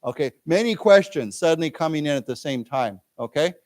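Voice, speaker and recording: A man's voice: a little high, expressive, a little fast, a little mellow, no echo. A man teaching an English lesson, explaining words with everyday examples and often checking in with "okay?" and "right?". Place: library lecture room.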